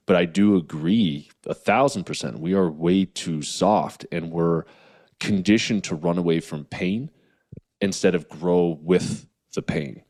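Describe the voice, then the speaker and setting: A man with a very low voice talks as a podcast guest. He is earnest and reflective, working through his thoughts with plenty of "um" and "like.". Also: measured pace, a little mellow. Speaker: guest, naturopathic and chiropractic doctor. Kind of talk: casual interview chat.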